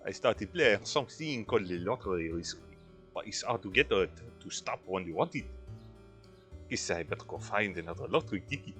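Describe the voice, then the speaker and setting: Gossipy townsman, bright and sharp, low-set, read out by a man. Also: lively intonation, brisk, soft background music. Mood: chatty. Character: chatty male townsperson of Paris.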